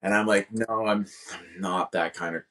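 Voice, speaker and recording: Male podcast co-host, low voice, animated casual storyteller. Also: normal speed.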